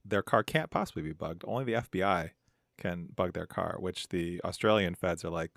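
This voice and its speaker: Deep gravelly man, casual podcast chat. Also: moderate pace, fairly bright tone, dry recording, studio quality. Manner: thoughtful, rambling, hedging with "like" and "right?". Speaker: podcast co-host.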